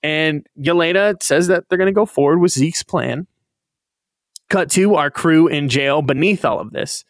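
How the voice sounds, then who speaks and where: A man with a fairly high voice talks through an episode for his podcast co-hosts in an animated, profane way. He keeps jumping into quick impressions of the characters. The sound is dry and close. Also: no room sound. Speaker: podcast co-host recapping an anime episode. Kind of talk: casual chat.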